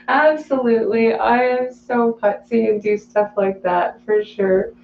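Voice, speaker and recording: A woman hosting a casual live stream, reading viewer chat aloud, chatty and quick to laugh. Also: fairly high pitch, creaky, echoey room, narrow, tinny audio, a little hiss or hum.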